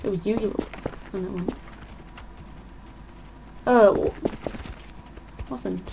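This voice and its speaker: A woman's voice: on the low side, slow, creaky, long pauses, mellow, soft background music, low-quality recording. A woman giving casual gameplay commentary for her channel, thinking aloud and often trailing off mid-sentence. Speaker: gaming channel host. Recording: audible background noise.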